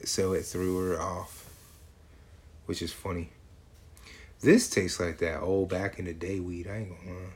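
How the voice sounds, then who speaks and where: A man's voice: low-pitched, fairly even intonation, a little slow, long pauses, a little mellow. A man in casual chat, laughing often and swearing as he rambles.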